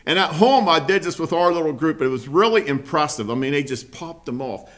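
A man teaching a Bible lesson to a small group, earnest and halting, often restarting his sentences. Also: a little high, expressive, a bit bright. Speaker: preacher.

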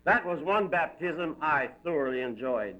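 A man's voice: on the high side, animated, moderate pace, bright, forceful tone. A man voicing a gloating male demon who mocks and taunts a damned soul. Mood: mocking. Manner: mocking, shrieking, cackling. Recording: dull lo-fi recording.

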